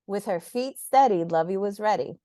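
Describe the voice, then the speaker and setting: A woman reading a children's storybook aloud with gentle, expressive narration. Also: mid-range voice, moderate pace, no room sound, studio quality. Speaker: storybook reader.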